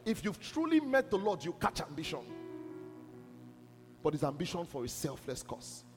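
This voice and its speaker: A man's voice: on the high side, big pitch swings, moderate pace. A man preaching a sermon to a church, emphatic and repeatedly asking whether his listeners are listening. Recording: music under a long hall reverb.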